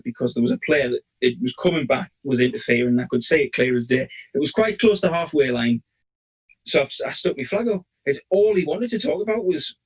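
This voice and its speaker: A referee co-hosting a casual podcast chat tells a long, rambling story, restarting it many times. His voice is medium-pitched, and the recording quality is low.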